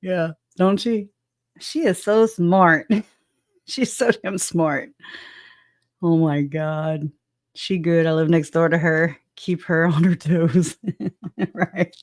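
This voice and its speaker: A woman's voice: fairly low pitch, takes it slowly, long pauses, no room sound, studio quality. A woman hosting a casual true-crime livestream, chatting with viewers and laughing often between joking asides. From southwest Louisiana. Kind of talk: casual livestream commentary, greeting chat.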